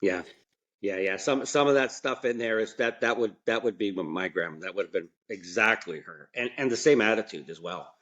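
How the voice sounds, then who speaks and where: Over lo-fi sound, a podcast guest with a fairly low, fairly bright voice recounts stories at a moderate pace. He's a mechanic and franchise owner whose loose, everyday storytelling keeps doubling back and wandering into asides.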